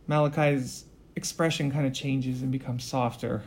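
A man's voice: fairly high pitch, moderate pace. A man acting as game master, narrating a tabletop role-play game in a casual, loose way.

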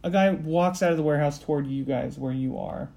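A man running a tabletop role-play, narrating the scene in a relaxed, loose way full of fillers. His voice sits a bit high for a man, and he moves it along briskly. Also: creaky. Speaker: game master.

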